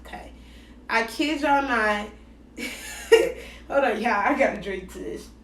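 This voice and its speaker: A woman telling a dating story in a casual, slangy, animated way, acting out both sides of the conversations. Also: a little high, measured pace, distant mic, a little hiss or hum. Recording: roomy echo, voice set back from the mic.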